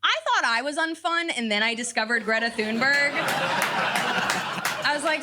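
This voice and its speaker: A woman's voice: sits high, moderate pace, pauses often, very noisy. A woman doing stand-up comedy, chatty and laughing through her lines. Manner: chatty, laughing as she talks.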